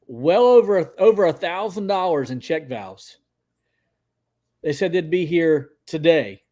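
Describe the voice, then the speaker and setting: A man hosting a casual livestream, chatting and greeting viewers by name with excitable energy. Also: fairly high pitch. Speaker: livestream host.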